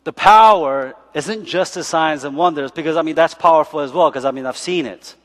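Chatty storytelling pastor in echoey church. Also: male voice, on the high side, a little fast, a bit bright. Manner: chatty storytelling, laughs often, keeps asking "right?". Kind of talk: sermon.

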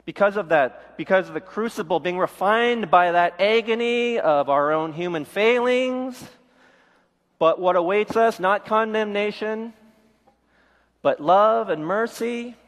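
High-voiced man preaching in a hall. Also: measured pace, fairly bright tone. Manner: candid storytelling, acts out quoted voices. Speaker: pastor. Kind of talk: sermon with personal testimony. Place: church.

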